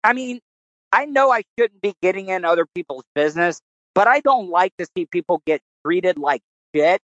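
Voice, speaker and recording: A man hosting a casual podcast, relaxed and chatty. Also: high-pitched, normal speed, no room sound, dull audio. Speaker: podcast host. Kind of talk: casual chat.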